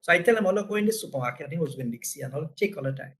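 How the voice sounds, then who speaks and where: A man's voice: fairly high pitch, animated, racing, fairly bright tone, poor audio. A man from Trinidad with a Trinidadian accent, presenting a business lesson through casual anecdotes and tagging his points with "right?". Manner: conversational, frequent "right?" tags.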